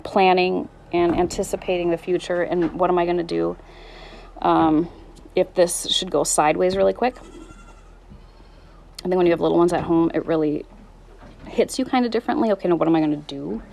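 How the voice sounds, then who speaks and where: A woman's voice: lowish voice, steady tone, moderate pace, vocal fry, long pauses, a little mellow, slight background noise. A woman in her thirties talking candidly in a personal vlog, weary and struggling, rambling and trailing off mid-thought. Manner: raw, rambling, restarts and trails off. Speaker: vlogger.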